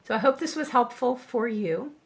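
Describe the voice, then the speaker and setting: A middle-aged woman, a veterinarian and coach, co-hosting a podcast and talking listeners through their thoughts in a calm, reassuring way, slowing down to stress key phrases. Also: on the high side, creaky, husky. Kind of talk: scripted podcast monologue.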